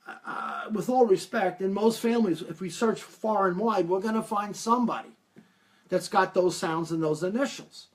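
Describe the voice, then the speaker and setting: Guy livestreaming as a medium, higher voice, acts out the people he quotes. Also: normal speed. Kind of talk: live-stream talk answering viewer questions.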